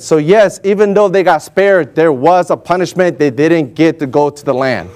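A man delivers a sermon in a church, reading scripture aloud and acting out the figures in it. His voice sits high for a man. He talks with lively, animated energy. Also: normal speed, few pauses. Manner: animated, acts out voices for Moses and God. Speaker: preacher. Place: warm indoor church hall.

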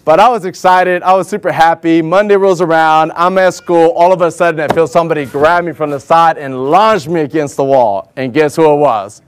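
A man telling a personal story to an audience in an animated way, acting out what other people said. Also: on the high side, brisk, hardly any pauses, clean tone. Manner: animated, acts out other people's lines in raised voices. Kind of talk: personal anecdote told to an audience.

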